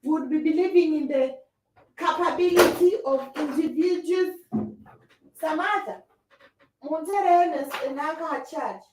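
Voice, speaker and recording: High-voiced woman ranting from a distance. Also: a little slow, noisy background. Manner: emphatic, repetitive rhetorical phrasing. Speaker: livestream host reading viewer comments. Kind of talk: impassioned opinion talk. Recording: roomy, distant mic.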